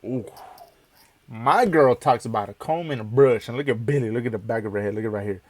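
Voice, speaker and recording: A man's voice: medium pitch, fairly quick, no room sound, soft background music. A young man hosting a reaction video, joking and talking back to the screen in casual, cursing chatter. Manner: joking, talks back to the screen, swears freely. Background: loud song playing.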